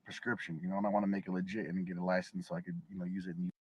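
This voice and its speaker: A man in his thirties talking casually, rambling and clearing his throat. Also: deep voice, flat delivery, racing, dull audio. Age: 30s.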